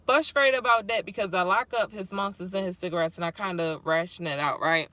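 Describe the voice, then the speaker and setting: Frustrated woman venting, bright edgy voice. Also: lowish voice, a little fast. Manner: frustrated, rambling, swears often. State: close to tears. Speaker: caregiver for her father. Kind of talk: livestream vent, reading chat.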